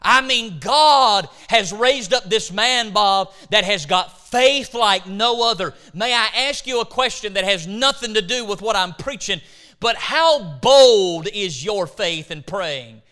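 High bright-voiced male preacher. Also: expressive. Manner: dramatic storytelling with emphatic slow stresses; retells scripture scenes in acted quotes. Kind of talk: sermon.

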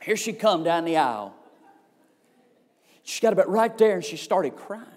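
A man's voice: sits high, expressive, normal speed, a little mellow. A man, preaching a sermon in a folksy, emphatic storytelling way with comic exaggeration. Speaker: revival preacher.

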